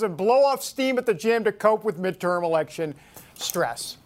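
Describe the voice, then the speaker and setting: A woman's voice: mid-range voice, lively intonation, moderate pace. A woman hosting a talk radio show, reading headlines aloud with mocking sarcasm.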